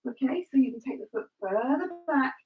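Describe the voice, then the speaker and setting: High-voiced woman leading a fitness class. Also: lively intonation, fairly quick. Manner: encouraging, cueing breaths and counts. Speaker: fitness instructor. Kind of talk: live exercise class instruction. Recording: distant, dull lo-fi live stream.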